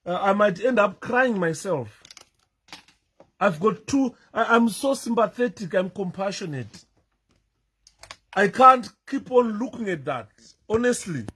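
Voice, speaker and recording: A man's voice: high voice, expressive, unhurried, pauses often, pushed and bright, breathy edge. A man giving emotional commentary over video clips, repeating himself with great emphasis. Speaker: political commentator.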